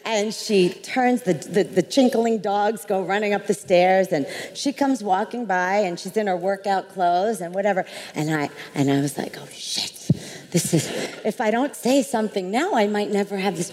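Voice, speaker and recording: A woman telling a lively story on a live panel, laughing often and acting out the voices. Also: mid-range voice, moderate pace, long reverb tail. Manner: animated, laughing, acts out voices. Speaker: panel guest. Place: large hall before an audience.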